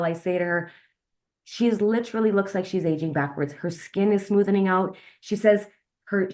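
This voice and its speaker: A woman hosting a live video call presentation, upbeat and chatty, often asking her audience questions. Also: mid-range voice. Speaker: host of a wellness sales webinar.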